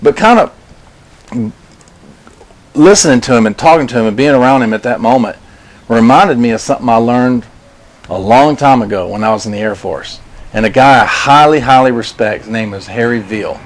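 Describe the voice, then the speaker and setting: A man hosting a story show, telling a personal tale in a loose, conversational way, his voice climbing when excited and sinking low and quiet when reflective. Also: normal speed. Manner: loose, conversational, restarts and "I was like" asides. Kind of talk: casual spoken storytelling.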